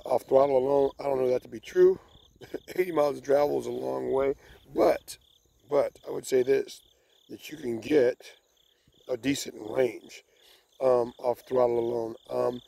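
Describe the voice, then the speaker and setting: A man's voice: mid-range voice, vocal fry, dark tone, slight background noise. A man giving a casual, rambling review to camera, full of fillers and repeated words, recorded outdoors. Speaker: e-bike reviewer.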